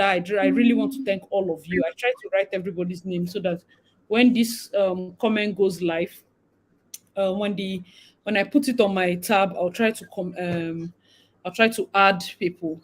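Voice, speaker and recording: A woman's voice: medium pitch, rough recording. A young woman from Nigeria with a Nigerian accent, hosting a casual livestream chat and slipping into Pidgin now and then. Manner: animated, mixing in Nigerian Pidgin. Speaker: livestream host.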